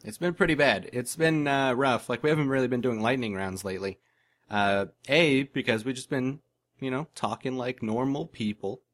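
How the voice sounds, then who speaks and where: A man's voice: mid-range voice, normal speed, fairly bright tone. Podcast co-host, man, dry sarcastic jokes, casual chat.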